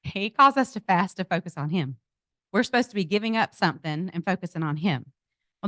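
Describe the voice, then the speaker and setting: A middle-aged woman giving a lively personal testimony to a group, speaking to them directly. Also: fairly low pitch, no echo. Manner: animated storytelling, addresses audience as y'all. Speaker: speaker at a business event. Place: event venue.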